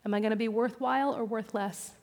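A woman pastor preaching a sermon, personal and animated, with self-deprecating humor. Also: a little high, quick pace. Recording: reverberant hall.

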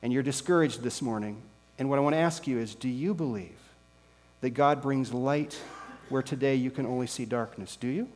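A male pastor preaching a sermon with slow, emphatic rhetorical questions. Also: medium pitch, a little mellow. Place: church sanctuary. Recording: long reverb with mains hum.

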